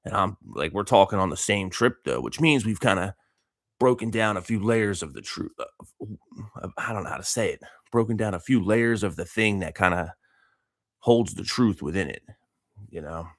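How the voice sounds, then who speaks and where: A man's voice: lowish voice, lively intonation, moderate pace, dry recording, clean studio sound. A man in his thirties talking casually and motivationally, rambling with slang and frequent laughs. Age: 30s. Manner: rambling, laid-back, laughs often, dude slang. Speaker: vlogger and coach.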